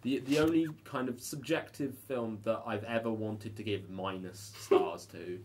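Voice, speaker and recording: A man's voice: on the low side, a little slow, darkish tone, slight background noise. A man co-hosting a film review podcast in casual chat, wry and opinionated, often restarting his sentences.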